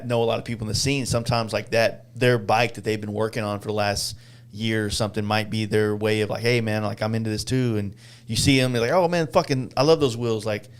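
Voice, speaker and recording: A laid-back man talking through plans on a podcast with friends. His voice is on the low side and he rambles with lots of fillers, and he laughs easily. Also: level tone, quick pace, clean tone. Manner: loose, rambling, laughs often. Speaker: motorcycle event co-host. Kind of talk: casual podcast chat.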